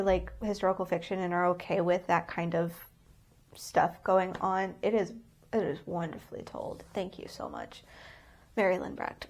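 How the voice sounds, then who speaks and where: Speaking in a slightly mellow, mid-range voice, a book vlogger talks through her reading in a casual review. She is sincere and wears her emotions openly, wandering and frequently starting over.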